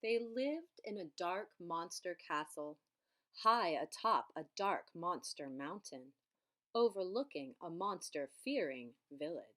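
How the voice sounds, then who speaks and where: A woman reads a children's picture book aloud, taking her time over every line. Her pitch swings up and down with lots of expression. It sounds like a patient storyteller at bedtime. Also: expressive, unhurried, a bit bright.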